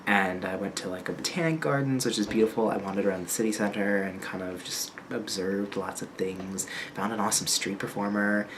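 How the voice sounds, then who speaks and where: Speaking into a handheld camera over heavy background noise, this young adult vlogger from the US chats loosely about his travels, laughing often and rambling. His voice is on the low side, and he talks fairly quickly with few pauses.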